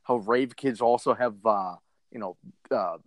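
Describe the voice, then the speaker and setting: A man's voice: on the low side, a little slow, no echo. A man co-hosting a comedy podcast, riffing and swearing in a disbelieving, worked-up way. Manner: animated, profane, riffing incredulously. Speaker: podcast co-host.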